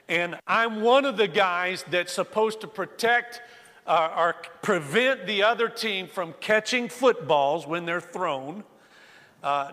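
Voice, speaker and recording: A man's voice: high-pitched, sharp tone, in a large hall. A middle-aged male pastor preaching a sermon in a church sanctuary, telling stories in a folksy way with many fillers and restarts.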